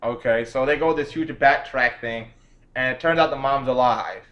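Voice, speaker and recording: A man's voice: medium pitch, normal speed. A man giving a casual, profane, exasperated movie review rant and laughing at how bad the film is. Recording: dull lo-fi recording.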